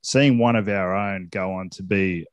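Low-voiced, chatty interviewer. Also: male voice, steady tone, measured pace, no echo, highs cut off. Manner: friendly and chatty, with lots of "mate" and restarts. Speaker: interview host, club rugby player. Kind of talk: casual interview chat.

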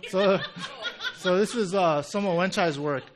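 A young male pastor speaks from the front of a church in a relaxed, joking sermon style. His voice sits slightly higher than most men's, and he talks loosely, full of fillers and quick asides to the congregation. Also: noisy background. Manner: chatty and animated, heavy "you know" and "right?" fillers, jokes with congregation. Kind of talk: casual conversational sermon.

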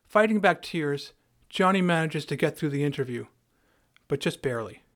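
A man's voice: a little high, expressive, moderate pace. Wry man narrating a podcast story. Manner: wry, dryly humorous. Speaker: podcast host.

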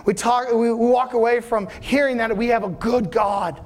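A man's voice: very high-pitched, fairly even intonation, normal speed. A man preaching a sermon, telling the story animatedly with casual slang.

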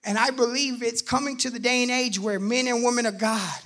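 A man telling his personal faith testimony in an animated way, acting out the voices in his story and bursting out loud at times. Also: very high-pitched, brisk. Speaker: testimony speaker.

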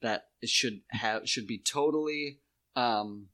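A man's voice: medium pitch, slow, fairly bright tone. A man from New York in a casual comedic chat, telling rambling, jokey anecdotes with silly voices.

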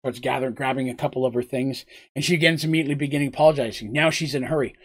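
A man casually retelling a tabletop game story on a live stream, chatty and animated, with asides to his chat. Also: medium pitch, rapid-fire, few pauses, breathy edge.

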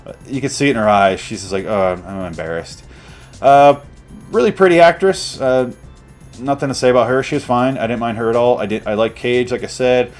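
A young man ranting through a comedic movie review, sarcastic, deadpan and full of swearing. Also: medium pitch, a little fast, faint music behind.

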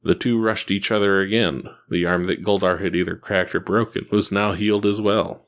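Deep-voiced man reading a story. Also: fairly even intonation, moderate pace. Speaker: narrator. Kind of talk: reading fan fiction aloud.

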